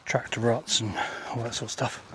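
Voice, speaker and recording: A man of middle pitch talks to his camera while hiking through open countryside. He is casual and self-mocking, a bit out of breath. Outdoor ambience and animal sounds come through clearly behind him. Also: level tone, normal speed, noisy background. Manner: wry, self-deprecating, chatty asides. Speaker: vlogger.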